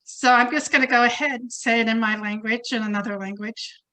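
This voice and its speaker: A woman working as a channeler, giving a slow, chanted blessing in light language during a channeling session. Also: fairly high pitch, steady tone, pushed and bright.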